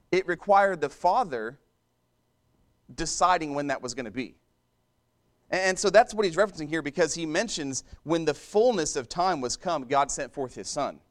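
A man delivering a church sermon in a relaxed, conversational manner. His voice sits slightly higher than most men's, and he often restarts phrases and breaks off to talk to the listeners. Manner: conversational preaching with frequent restarts and asides to the congregation. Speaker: preacher.

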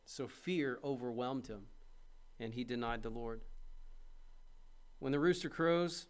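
A man with a mid-range, clean-toned voice delivers a sermon a little slowly. He questions his listeners directly, moving from quiet contemplation to loud, passionate pleading.

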